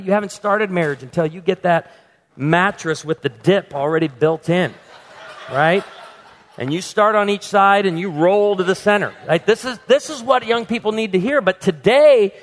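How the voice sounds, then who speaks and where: A man's voice: sits high, in a large hall. A man speaking as a pastor in a conference breakout talk, emphatic and repeating words for stress. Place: conference meeting room.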